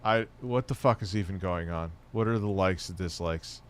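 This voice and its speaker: Low-voiced, profane male streamer. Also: moderate pace, soft background music. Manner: profane, rambling and offhand. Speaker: livestream host. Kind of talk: casual livestream chat.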